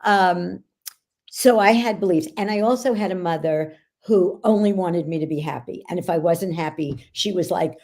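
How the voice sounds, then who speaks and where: A woman speaking as a podcast guest, telling her stories in an animated way and laughing often. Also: medium pitch, moderate pace, creaky. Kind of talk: casual podcast conversation.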